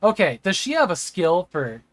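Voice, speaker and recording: A man's voice: high-pitched, wildly swooping pitch, moderate pace. A man streaming a game live, rambling and chatting with viewers, sometimes stammering over words. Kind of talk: live gameplay stream chat.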